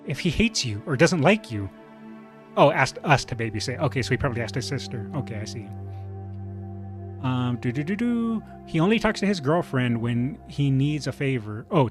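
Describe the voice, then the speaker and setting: A man with a slightly high voice streams himself reading online posts aloud. He reacts with opinionated, rambling commentary full of fillers and restarts.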